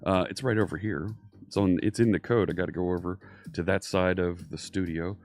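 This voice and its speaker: He speaks a little fast in a deep, slightly mellow voice with a steady tone. The setting is his home studio, faint synthwave music playing, where this Philadelphia, USA native with a light accent teaches programming on a casual, upbeat live stream and greets viewers by name.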